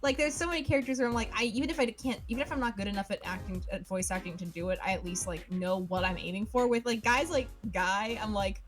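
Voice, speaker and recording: A woman's voice: medium pitch, fairly even intonation, quick pace, hardly any pauses. A young woman streaming a game, chatting casually in a rambling, giggly way, with faint game music behind. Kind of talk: casual let's-play chat.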